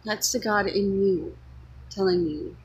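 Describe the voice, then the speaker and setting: A woman's voice: medium pitch, a little slow, breathy edge, poor audio. A woman giving an earnest, unscripted spiritual monologue, speaking her thoughts as they come to her. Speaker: vlogger sharing spiritual reflections.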